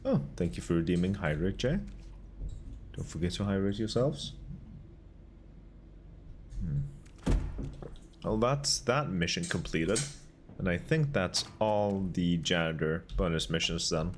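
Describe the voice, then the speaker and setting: Low, slow-talking male game streamer. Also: a little hiss or hum. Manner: relaxed, dryly sarcastic musing. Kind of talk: casual gameplay commentary.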